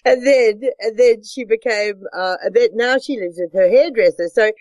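Woman host, chatty and quick to laugh, dry video-call sound. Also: a little high, a little mellow, no echo. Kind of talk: casual chat over video call.

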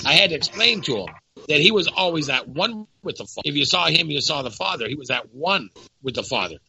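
A guest in the Dominican Republic talks about his faith in casual conversation, fervent and full of stories, often repeating words as he builds up. His voice is a little high, expressive, fast, creaky and sharp in tone. The sound is lo-fi.

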